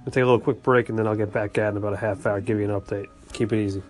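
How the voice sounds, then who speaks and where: Soft music plays as this podcast host runs through casual call-in shout-outs, giving callers friendly thanks and repeated sign-offs. He speaks very fast in a steady, lowish voice.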